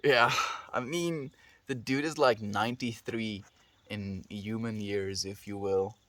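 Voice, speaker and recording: Speaking at a slow pace, a South African man hosts a laid-back live stream, reading out messages and answering every viewer with soft affection. His voice is a little low, dry, and close-miked, with no echo or room sound.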